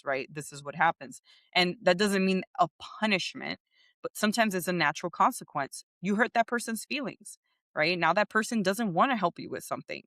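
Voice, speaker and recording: A woman's voice: on the low side, fairly bright tone, no room sound, studio quality. A woman co-hosting a parenting podcast, talking casually and animatedly, often laughing as she tells stories. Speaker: podcast co-host. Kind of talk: casual chat.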